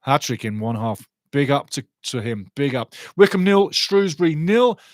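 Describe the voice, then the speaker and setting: A man's voice: fairly high pitch, big pitch swings, normal speed, no room sound. A man hosting a live football watch-along, chatting through scores and match statistics. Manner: chatty, reads out scores and stats.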